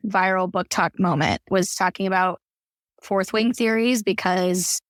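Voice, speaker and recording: A woman's voice: mid-range voice, fairly even intonation, unhurried, dry recording, studio quality. A woman guest on a chatty podcast, upbeat and nerdy. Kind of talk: casual podcast chat.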